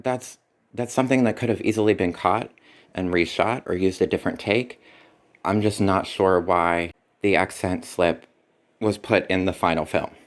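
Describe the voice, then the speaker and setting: Man, very low voice, movie reviewer, critical, dry sarcasm. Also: fairly even intonation, normal speed. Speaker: film reviewer.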